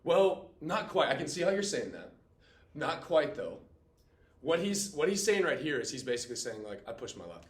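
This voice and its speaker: A man in his late twenties teaching a class in a casual, animated way, full of fillers. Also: a little high, moderate pace. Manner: animated, chatty, heavy on filler "like". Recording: roomy classroom echo.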